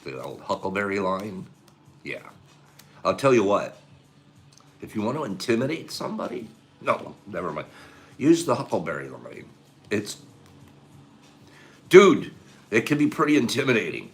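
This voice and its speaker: A man's voice: fairly low pitch, very animated, moderate pace, pauses often. A man hosting a casual morning chat with viewers, rambling in a sentimental way and chuckling as he goes. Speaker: host of a morning show.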